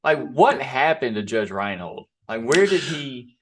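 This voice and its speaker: A man's voice: mid-range voice, sing-song, unhurried, a crowd in the background. A man guesting on a casual movie podcast, chatty, laughing easily and trailing off mid-thought. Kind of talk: casual movie watch-along chat.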